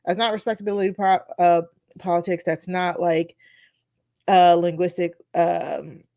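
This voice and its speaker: A woman's voice: fairly low pitch, steady tone, unhurried, darkish tone, dry recording, studio quality. Rambling woman co-hosting a podcast. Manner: rambling, restarts, laughs often. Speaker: podcast co-host. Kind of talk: casual podcast film review.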